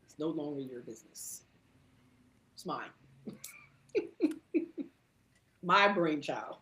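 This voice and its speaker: A soft-spoken woman co-host who chimes in quietly with short remarks. Her voice is somewhat low, and her pace is slow and unhurried. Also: expressive, rough recording. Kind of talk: casual chat on a live broadcast.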